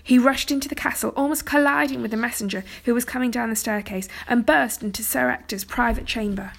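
Woman gently reading a storybook, gravelly. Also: fairly high pitch, steady tone, brisk. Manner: gentle, soft-spoken, dropping to a whisper at times.

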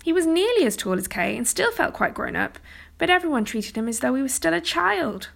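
A woman gently reading a chapter book aloud as a storyteller, sometimes dropping to a whisper. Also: sits high, sing-song, fairly quick, creaky. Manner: gentle, soft-spoken, dropping to a whisper at times.

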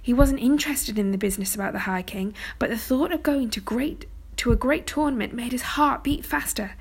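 A woman gently reading a chapter book aloud as a storyteller, sometimes dropping to a whisper. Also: fairly high pitch, a little fast, vocal fry, slightly rough. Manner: gentle, soft-spoken, dropping to a whisper at times.

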